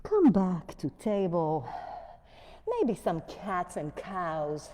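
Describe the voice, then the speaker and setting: A woman yoga instructor with a non-native English accent, gently cueing poses and breathing as she leads a class on a mic in a yoga studio. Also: fairly low pitch, lively intonation, drawn-out words, slight background noise. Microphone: wearing a mic. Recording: long echo of a studio hall.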